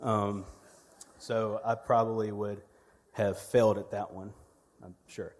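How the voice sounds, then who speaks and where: A man's voice: on the low side, little pitch movement, takes it slowly, in a large hall. A man, delivering a sermon as a church media director, conversational and humorous with storytelling. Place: church sanctuary.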